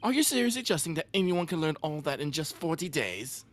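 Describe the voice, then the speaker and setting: A man's voice: fairly high pitch, sing-song, fast, fairly bright tone, a little hiss or hum. A man reading the part of a skeptical police inspector, incredulous and questioning. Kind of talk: reading game dialogue aloud.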